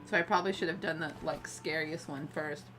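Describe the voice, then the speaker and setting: A woman's voice: low-pitched, fairly even intonation, brisk, background noise. A woman streaming a cozy game, chatting casually, thinking aloud and giggling as she plays. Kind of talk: casual gameplay commentary.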